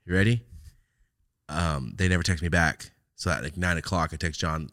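A young man hosting a podcast, telling a long story in casual, profane chat and jumping into loud quoted outbursts. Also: low voice, normal speed, long pauses, no room sound, clean studio sound. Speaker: podcast host.

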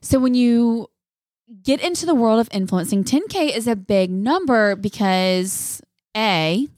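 Woman, thirties, podcast co-host: high, very lively, dramatic, dry close mic. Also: a little slow, no echo. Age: 30s. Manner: bubbly, dramatic, laughs often. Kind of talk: casual chat.

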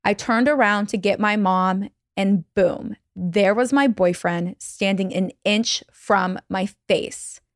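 A woman reading a listener's scary story aloud on a video call, slow and dramatic. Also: medium pitch, no room sound, studio quality. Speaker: podcast guest telling a scary story.

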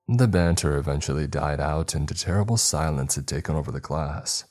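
Role: narrator. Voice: very deep man, measured. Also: darkish tone, soft background music. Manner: measured, storytelling. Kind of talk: scripted horror story narration.

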